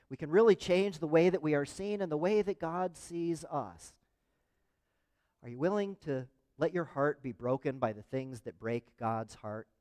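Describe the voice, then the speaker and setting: A man's voice: on the high side, a little mellow. A man preaching a conversational sermon as pastor, often asking the congregation questions. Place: church sanctuary. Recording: long reverb of a church hall.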